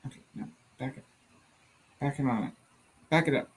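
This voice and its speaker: With a husky, medium-pitched voice at a moderate pace, this Southern-accented co-host drawls through a casual live reading stream. Giggly and playful, they read viewer comments out loud and laugh frequently.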